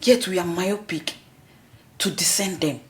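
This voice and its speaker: A woman's voice: on the low side, a little slow, breathy edge. An actress playing an outspoken palace woman with a Nigerian accent in a film. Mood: defiant. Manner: blunt, defiant. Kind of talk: film acting.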